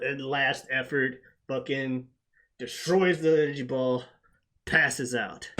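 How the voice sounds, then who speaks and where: A man's voice: medium pitch, steady tone, slow, a bit bright. A man hosting a casual recap chat, laughing often and swearing freely as he retells episodes. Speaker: podcast host.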